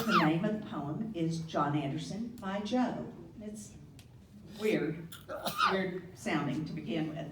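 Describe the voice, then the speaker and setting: A woman's voice: fairly low pitch, heavy background noise. A woman giving a playful, teasing toast at a supper, laughing at her own jokes. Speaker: toast speaker at a Burns supper. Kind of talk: humorous after-dinner toast. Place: banquet hall. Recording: echoey hall from far off.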